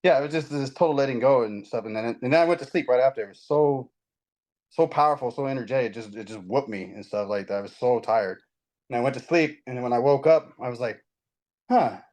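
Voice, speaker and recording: Man, quick talker, rambling animated storytelling, casual spiritual chat, lots of restarts. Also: mid-range voice, low-quality recording. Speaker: guest.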